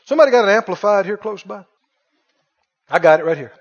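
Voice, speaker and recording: High-voiced male preacher in echoing hall. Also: expressive. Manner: dramatic, stretches key words slowly, quizzes the congregation. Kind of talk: sermon. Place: auditorium with a live congregation. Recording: dull lo-fi sound with long hall reverb.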